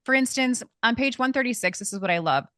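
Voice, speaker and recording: A woman's voice: on the high side, animated, quick pace, pushed and bright, no echo, studio quality. A woman hosting a podcast interview, enthusiastic and affirming as she sets up questions for her guest. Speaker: podcast host.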